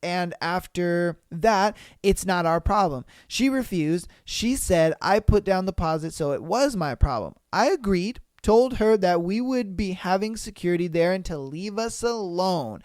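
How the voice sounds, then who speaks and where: Animated, profane man hosting a podcast. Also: sits high, unhurried, few pauses, no room sound, clean studio sound. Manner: animated, profane, slangy commentary. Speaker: podcast host. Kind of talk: reading posts aloud and reacting.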